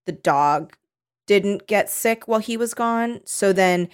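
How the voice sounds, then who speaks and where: Woman co-host, mid-pitched, casual and rambling book recap. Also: animated, slow pace, clear, resonant tone. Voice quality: loose and rambling, with many "like"s. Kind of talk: casual chat about a book.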